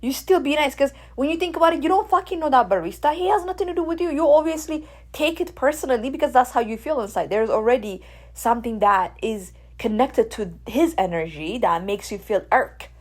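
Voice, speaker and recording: A woman from Ethiopia, hosting a radio show in a blunt, animated monologue. She swears freely and keeps asking her listeners "right?". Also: high-pitched, brisk. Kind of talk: casual opinion monologue.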